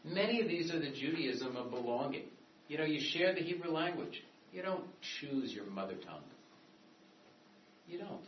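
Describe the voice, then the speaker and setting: In a classroom lecture, a man with a slightly high, animated voice talks at normal speed, rambling conversationally with frequent asides and restarts. The audio is distant and echoey, dull and muffled, with a bit of hiss or hum.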